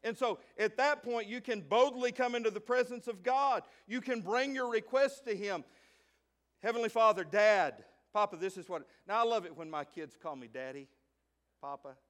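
A middle-aged male pastor preaching a sermon in an animated way, moving from hushed asides to loud, emphatic lines. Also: very high voice, normal speed. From United States. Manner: acts out a child's voice in stories.

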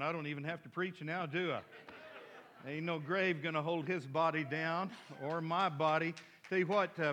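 A man's voice: on the high side, pushed and bright, a little hiss or hum. A man preaching a folksy, conversational sermon in church. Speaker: pastor.

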